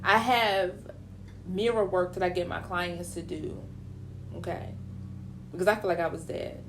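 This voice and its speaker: A woman's voice: fairly low pitch, a little slow, slight background noise. A middle-aged woman hosting a casual radio talk show, speaking in a motivational, preachy way and sometimes mocking other people's voices. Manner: animated, preachy, slips into mocking quoted voices.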